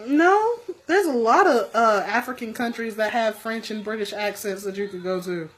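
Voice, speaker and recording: A woman co-host chatting late at night with a friend, a little tipsy from drinks. Her voice sits high and sounds bright. She laughs a lot, swears freely and talks over the other speaker. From United States. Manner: loud laughing, profane, quick to cut in. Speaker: podcast co-host. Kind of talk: casual late-night chat.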